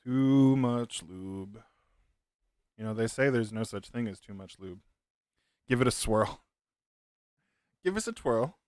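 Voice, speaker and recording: Slow-talking laid-back man. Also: medium pitch, expressive, darkish tone, no echo, studio quality. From United States. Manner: laid-back, joking, laughs often. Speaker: livestreamer building a keyboard. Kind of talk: casual chat with viewers.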